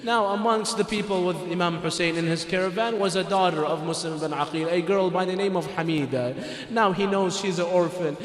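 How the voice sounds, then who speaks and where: A man's voice: high voice, a little fast. A man giving a sermon to a congregation, telling a religious story in a dramatic storytelling manner. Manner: dramatic storyteller, sometimes breaks into mournful chanting. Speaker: religious speaker. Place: community religious center hall. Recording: echoey hall with long reverb.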